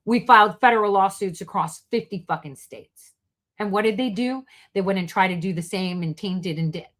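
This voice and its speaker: A woman hosting a heated monologue to her online audience, profane and angry, swinging between loud outbursts and hushed asides. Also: mid-range voice, normal speed. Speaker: host.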